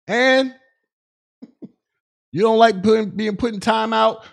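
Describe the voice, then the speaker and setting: A man's voice: high-pitched, steady tone, unhurried, creaky, long pauses. A male podcast host on a live stream, ranting in a profane, mocking way at critics.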